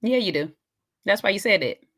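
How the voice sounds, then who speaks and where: A woman's voice: mid-range voice, expressive, fairly quick, a bit bright. A woman hosting a reaction video, giving sassy, emphatic commentary and talking straight to the viewer. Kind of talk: casual commentary reacting to a clip.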